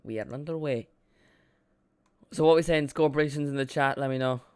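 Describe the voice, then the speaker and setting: A man's voice: medium pitch, fairly quick, clear, resonant tone, no room sound. Chatty man calling a match live. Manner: chatty and excitable, jokes about himself. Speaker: live watchalong streamer. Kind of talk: casual play-by-play commentary.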